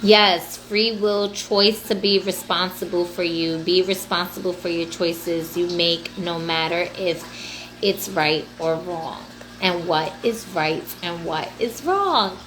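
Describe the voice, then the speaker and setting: A woman's voice: lowish voice, slow, a bit bright, a little hiss or hum. A woman hosting a livestream in casual, profane, laughing talk aimed at her viewers. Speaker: livestream host.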